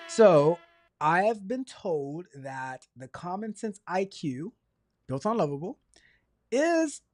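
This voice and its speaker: A man hosting a casual livestream, chatty and energetic, rambling along and stumbling over repeated words. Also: high voice, slow, background noise. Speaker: livestream host.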